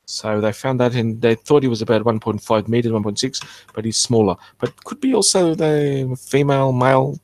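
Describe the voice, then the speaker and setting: A man hosting an archaeology channel, talking through fossil features in a rambling, halting, self-correcting way. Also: mid-range voice, a little mellow, no room sound. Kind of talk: casual explanatory commentary.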